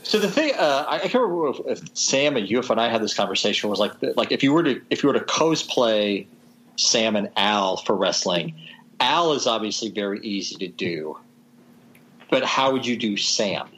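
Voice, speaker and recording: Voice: mid-range voice, very animated, moderate pace, a bit bright, poor audio. A podcast co-host explaining things casually with some hesitation. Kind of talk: casual chat.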